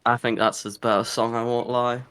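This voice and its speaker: A man's voice: medium pitch, flat delivery, moderate pace, fairly bright tone, smooth. A man with a distinctly nasal voice chats as a guest on an informal show. He answers with eager enthusiasm and tends to ramble from one thought to the next. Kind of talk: casual chat.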